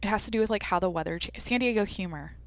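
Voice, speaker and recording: A woman's voice: medium pitch, rapid-fire. Rambling, foul-mouthed woman podcast host. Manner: rambling, swears freely, restarts sentences. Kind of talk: casual solo chat.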